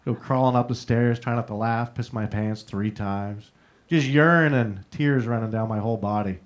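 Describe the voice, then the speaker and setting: A young man performing a stand-up comedy set on stage, telling stories with punchy asides, tagging jokes with a quick "right?" and bantering with the crowd. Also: medium pitch. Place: live comedy showroom.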